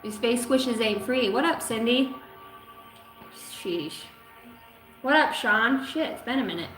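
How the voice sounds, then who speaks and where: A woman in her thirties gives a casual livestream card reading, greeting viewers with playful, profane banter. Her voice sits fairly high. The room rings with echo, and faint music plays behind her. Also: lively intonation, slow, fairly bright tone. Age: 30s. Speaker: tarot and oracle card reader.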